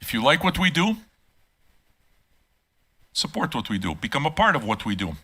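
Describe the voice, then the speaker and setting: Bright-voiced older man ranting playfully. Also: medium pitch, big pitch swings, moderate pace, husky. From Quebec. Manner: profane, teasing, rants loudly at times. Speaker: channel host. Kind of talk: casual live-stream monologue.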